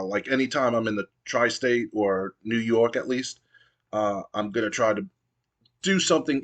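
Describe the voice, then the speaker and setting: A man's voice: on the low side, fairly bright tone. A man casually narrating a wrestling sim playthrough with many fillers and restarts. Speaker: gamer playing a wrestling sim. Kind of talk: casual let's-play narration.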